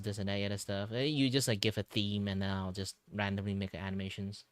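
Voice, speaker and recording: A man's voice: lowish voice, flat delivery, fast talker, clean tone, no echo, soft background music. A man streamer and artist in casual chat, rambling with lots of fillers.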